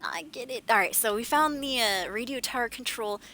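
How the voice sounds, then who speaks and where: A woman's voice: a little high, moderate pace, sharp tone, a little hiss or hum. A woman streaming a game, chatting casually with jokes and sarcastic asides. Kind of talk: casual gameplay chat.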